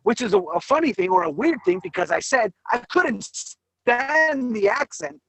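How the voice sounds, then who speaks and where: A man chatting casually over a video call, telling animated stories and swearing freely. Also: very high voice, normal speed, dry recording. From California. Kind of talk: casual chat.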